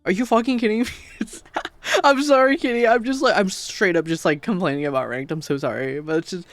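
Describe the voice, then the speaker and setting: A man's voice: high-pitched, animated, brisk, fairly bright tone, no echo. A man streaming casually, tired, rambling and swearing while he talks about games and his code. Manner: rambling, swears, laughs a lot.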